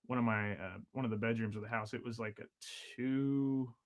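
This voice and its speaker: A man in his thirties tells a long story in a loose, rambling way. He stacks up fillers and restarts and laughs easily. His voice sits at an ordinary middle pitch. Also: fairly even intonation, fairly quick, dull audio. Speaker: podcast guest, drummer. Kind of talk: casual storytelling chat.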